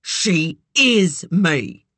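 A reader performs a possessive, menacing man in an audiobook thriller. He draws his words out slowly in a low, measured voice that can break into shouting. The recording is close and dry. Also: sing-song, no room sound, full character voice. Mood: obsessive. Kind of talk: audiobook character voice.

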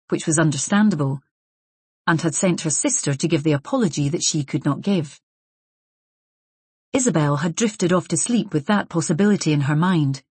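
A woman reads a novel aloud in a measured, even manner. Her voice sits low with a husky, breathy grain, and the recording is dry and close. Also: no room sound. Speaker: audiobook narrator. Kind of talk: scripted narration.

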